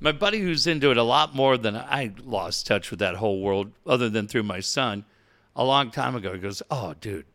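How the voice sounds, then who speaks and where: A middle-aged man co-hosting a radio talk show, telling animated stories and swearing casually. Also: mid-range voice, fairly quick. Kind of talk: casual chat.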